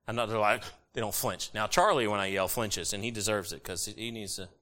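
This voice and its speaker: A middle-aged man preaching a sermon, animated and jokey with sudden loud bursts. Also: fairly low pitch, fairly quick. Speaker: pastor.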